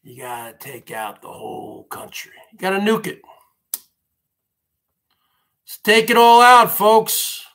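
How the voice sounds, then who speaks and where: A man's voice: high voice, sing-song, takes it slowly, pauses often, a bit bright. A man hosting a livestream, ranting in a rambling, repetitive monologue and often addressing his viewers as folks. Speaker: livestream host.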